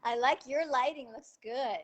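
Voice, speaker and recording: A woman's voice: sits high, moderate pace, dull audio. A woman author joining a live video interview as a guest, talking casually with self-deprecating humor. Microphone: video call.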